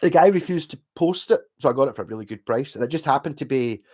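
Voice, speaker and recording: Quick-paced and expressive, this medium-pitched voice carries a darkish tone. It belongs to a middle-aged Glaswegian livestream host from Scotland who reads chat and rambles on, swearing and using lots of fillers.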